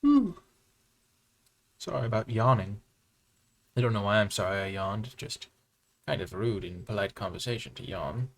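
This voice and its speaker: A man's voice: on the low side, moderate pace. A man hosting live gameplay commentary, thinking aloud and reacting to each play with groans, exclamations and wry self-mocking asides. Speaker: host.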